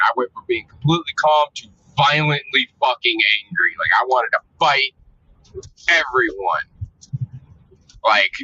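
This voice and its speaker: Man ranting, bright tense voice. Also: mid-range voice, dry recording. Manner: profane, exasperated storytelling. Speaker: vlogger. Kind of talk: casual ranting monologue. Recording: dull lo-fi audio.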